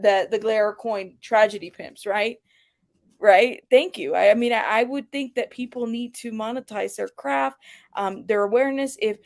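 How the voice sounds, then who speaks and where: Blunt, profane woman commentator. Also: a little high. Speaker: commentary channel host. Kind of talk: casual commentary.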